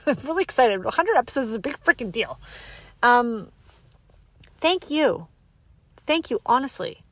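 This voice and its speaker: A woman hosting a podcast, talking alone to her listeners in a bubbly, excitable and emotional way. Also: on the high side, unhurried, long pauses, no echo. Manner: bubbly and excitable, laughing and gushing. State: emotional, close to tears. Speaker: podcast host. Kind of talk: solo podcast sign-off.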